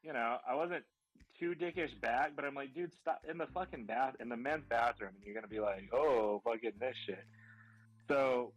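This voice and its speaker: A man's voice: medium pitch, a little fast, a bit bright, rough recording. A man chatting casually as a podcast co-host, telling a rambling, profane story about work. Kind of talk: casual chat.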